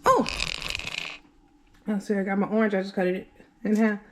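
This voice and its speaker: A woman's voice: medium pitch, normal speed, noisy background. Chatty woman vlogging from her kitchen. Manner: chatty, animated, talks straight to viewers. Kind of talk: casual vlog storytelling while cooking. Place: home kitchen. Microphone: handheld phone camera.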